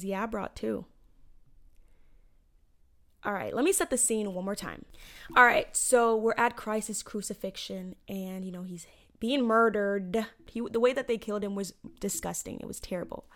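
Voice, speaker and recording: A young woman talks through a Bible story in a loose, chatty way, full of slang and "you know". Her voice sits at a middle pitch, neither high nor low. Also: moderate pace. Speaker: vlogger retelling a Bible story. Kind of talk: casual storytelling.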